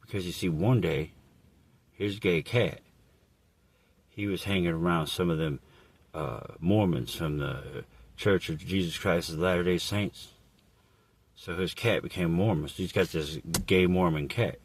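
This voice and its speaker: Deep husky man rambling a profane story. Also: measured pace. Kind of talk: absurd improvised comedic monologue.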